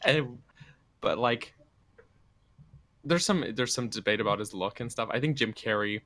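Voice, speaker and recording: A man's voice: medium pitch, moderate pace, a bit bright, no echo. A young man co-hosting a casual gaming podcast, laughing often and restarting his words. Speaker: podcast co-host. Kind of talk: casual chat.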